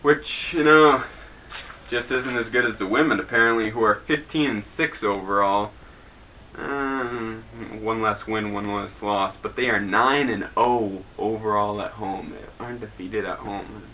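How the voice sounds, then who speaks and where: Bright-voiced young man joking through news. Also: on the low side, a little slow, slight background noise, poor audio. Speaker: host of a homemade news show. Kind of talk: casual mock newscast.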